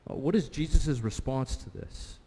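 A man's voice: mid-range voice, normal speed, warm tone, breathy edge. A man pastor preaching a sermon in a conversational way, putting questions to the congregation. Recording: long hall reverb.

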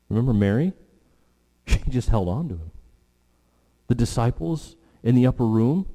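A pastor giving a sermon, emphatic, acting out the quotes he reads and dropping to a hush for weight. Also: medium pitch, animated, unhurried, pauses often.

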